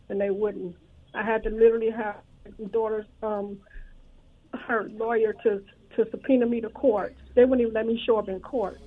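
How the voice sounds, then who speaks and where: A woman's voice: on the high side, fairly even intonation, normal speed, breathy edge. Grandmother on a tinny phone line. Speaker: grandmother caller.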